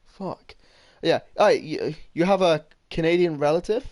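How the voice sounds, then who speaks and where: A man's voice: fairly high pitch, normal speed, a little mellow, no echo. A man doing casual gaming commentary, rambling and swearing while he reads his chat. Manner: rambling, swearing, many restarts. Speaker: gaming streamer.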